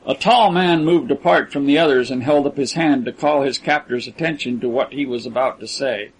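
A man narrating a story as an audiobook reader, in an even, unhurried manner. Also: mid-range voice, breathy edge, rough recording. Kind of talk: scripted narration.

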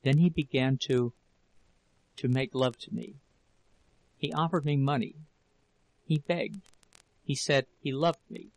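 A man's voice: medium pitch, takes it slowly, vocal fry, pauses often, darkish tone, husky, no echo, full character voice, poor audio. A man voicing a desperate pleading wife. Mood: broken confession. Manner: pleading, breaking into whispers.

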